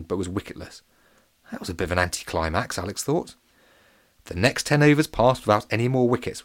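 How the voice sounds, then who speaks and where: A man narrating a children's story in a playful, animated and comic way. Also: deep voice, dry recording, studio quality.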